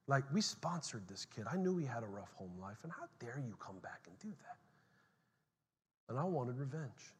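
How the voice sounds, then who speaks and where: A middle-aged man preaching a sermon as pastor, telling a story animatedly, dropping to a hush and then rising loud. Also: mid-range voice, sing-song, moderate pace, breathy edge. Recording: long hall reverb.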